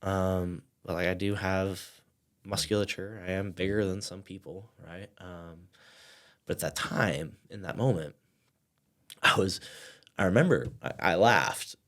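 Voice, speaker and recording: A man's voice: low-pitched, a little slow, fairly bright tone. A man in his thirties, a podcast guest, telling a personal story in loose casual talk, full of fillers and dropping to near-whispers. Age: 30s.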